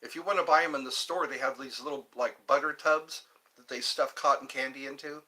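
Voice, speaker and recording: A man hosting a casual livestream from home, chatting in a rambling, animated way and reading viewer comments aloud. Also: fairly quick. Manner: chatty, rambling, animated, with pitch leaps when greeting viewers. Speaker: livestream host.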